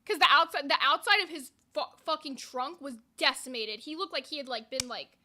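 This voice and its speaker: A young woman co-hosting a casual podcast, telling a story in an animated, profane way with lots of "like". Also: sits high, a little fast, noisy background. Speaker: podcast co-host.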